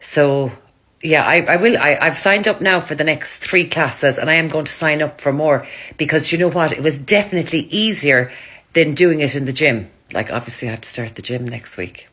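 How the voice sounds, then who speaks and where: A woman's voice: low voice, moderate pace, fairly bright tone. A woman chatting casually to her followers, telling self-mocking stories. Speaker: social media creator.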